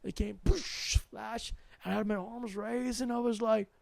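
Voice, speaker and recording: Young male host, high gravelly voice, rambling and animated about spirituality, dry close mic. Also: unhurried, no room sound.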